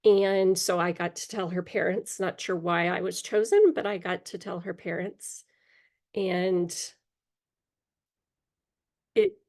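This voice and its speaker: As an interview guest, a middle-aged woman recounts her life with candor, hesitating often with pauses and little fillers. Her ordinary mid-pitch voice is a little mellow, and she occasionally clears her throat because of allergies.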